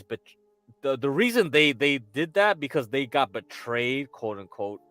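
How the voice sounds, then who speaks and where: Rambling, profane man with a lively voice. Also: medium pitch, a little slow, dry recording, soft background music. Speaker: podcast host. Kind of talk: casual chat.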